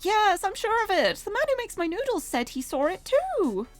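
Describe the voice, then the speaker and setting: A British woman voicing a chatty older woman who runs a noodle shop, fussy and complaining in a high sing-song voice. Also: big pitch swings, moderate pace, faint music behind. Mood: recalling.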